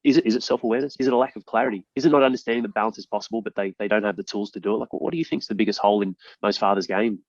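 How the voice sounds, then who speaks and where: A man's voice: lowish voice, steady tone, racing, few pauses, no room sound, dull audio. A man hosting a casual podcast interview, talking in an emphatic, sweary way with frequent restarts. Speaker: podcast host.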